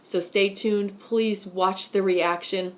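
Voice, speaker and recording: A woman's voice: mid-range voice, steady tone, takes it slowly. A woman in her thirties talking in a chatty, effusive way into her phone from a car, as a vlogger. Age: 30s. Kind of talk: casual vlog talk to camera.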